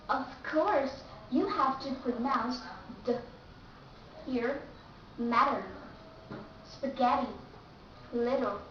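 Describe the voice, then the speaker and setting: A high-voiced woman with a Vietnamese accent teaches a slow, careful English pronunciation lesson, repeating each example word. She sits some distance from the mic in a very echoey room, and the sound is dull and muffled. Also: slight background noise.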